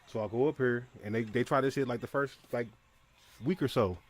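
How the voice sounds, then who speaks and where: A man's voice: mid-range voice, fairly quick. A young man in casual conversation, talking in slang and rambling with many restarts. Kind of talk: casual chat.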